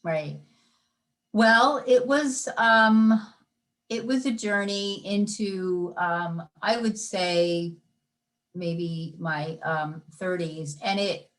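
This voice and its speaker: A middle-aged woman, a life coach guest on a podcast, telling personal stories in a lively conversational way and acting out her inner voices. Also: mid-range voice, very slow. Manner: animated storyteller, acts out inner voices. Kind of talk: conversational interview.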